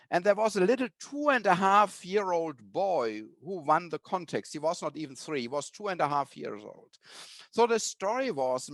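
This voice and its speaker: Expressive man lecturing on empathy. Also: on the high side, no echo. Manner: warm, storytelling, acts out children's and teachers' words. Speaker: webinar speaker.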